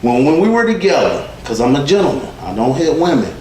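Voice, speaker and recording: A man doing stand-up comedy, telling profane stories in an animated way and laughing at his own jokes. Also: on the high side, a little fast, slight background noise. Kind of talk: stand-up storytelling. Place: comedy club stage. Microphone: stage mic. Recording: echoey club from a distant mic. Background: audience laughter.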